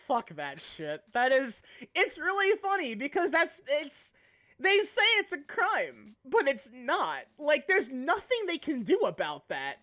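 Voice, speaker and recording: A woman's voice: high voice, wildly swooping pitch, measured pace, pushed and bright. A woman streamer chatting casually and animatedly, swearing and laughing often. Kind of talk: casual live-stream chat.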